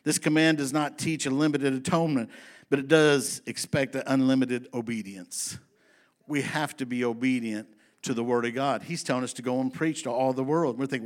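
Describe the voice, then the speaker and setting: A man's voice: medium pitch, steady tone, normal speed. Folksy, emphatic male preacher. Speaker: pastor. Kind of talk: sermon.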